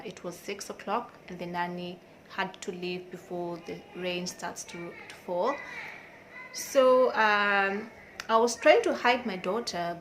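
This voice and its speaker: A woman's voice: fairly low pitch, a bit bright, slight background noise. Emotional young woman vlogging. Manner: emotional, confiding, outspoken. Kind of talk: candid personal vlog storytelling.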